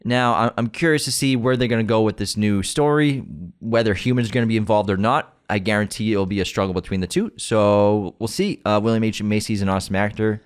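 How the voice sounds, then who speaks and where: A man's voice: on the low side, brisk, hardly any pauses, clear, resonant tone. A young adult man co-hosting a podcast, reading entertainment news items and then joking loosely about them. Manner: relaxed, reads news items then riffs and jokes. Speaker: podcast co-host. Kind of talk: casual chat.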